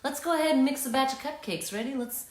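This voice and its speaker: A woman's voice: high-pitched, fast talker. A woman hosting a children's read-aloud, reading a storybook and coaxing listeners to join in the actions. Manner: lively, coaxes listeners to join in. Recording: roomy echo.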